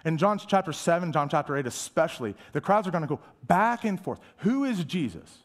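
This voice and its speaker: Guy preaching a sermon, kinda high voice, swings from loud to hushed. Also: lively intonation, a little fast. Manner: dramatic shifts from loud to hushed, whispering asides; emphatic preaching with rhetorical questions. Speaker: pastor.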